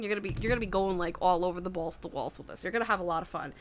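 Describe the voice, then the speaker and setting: A woman's voice: lowish voice, rapid-fire, few pauses. A woman giving a casual livestream tarot reading into a webcam, chatty, rambling and frank. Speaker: tarot reader.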